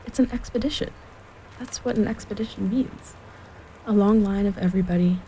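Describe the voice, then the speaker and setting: A woman's voice: mid-range voice, brisk, dark tone, slight background noise, close to an everyday voice, low-quality recording. A woman voicing a young boy in a storybook reading, confident and explaining.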